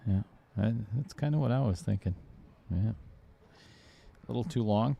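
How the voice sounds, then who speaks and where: A man calls a pool match in a relaxed, chatty manner, laughing easily and speaking a little slowly. His low voice carries a gravelly rasp, and he comes across as a regular host joking with his co-commentator during casual live commentary.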